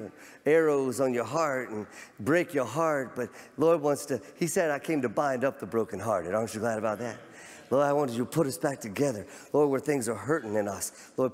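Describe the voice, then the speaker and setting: Fervent male pastor in an echoing sanctuary. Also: medium pitch. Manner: fervent, repeats words, rises to near shouts. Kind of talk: sermon. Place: large church sanctuary. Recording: long church hall reverb.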